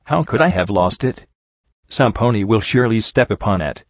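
A man's voice: fairly low pitch, expressive, moderate pace, dry recording. A man voicing a good but silly male zebra who frets and pities himself, in a dry, dull recording. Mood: fretful. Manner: self-pitying, fretting.

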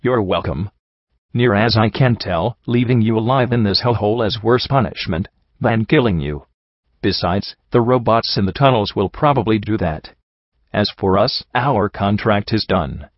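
A man's voice: lowish voice, normal speed, no echo, natural voice. A man voicing a smug, dismissive male griffin mercenary in an audiobook. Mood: snide. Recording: dry, slightly dull home recording.

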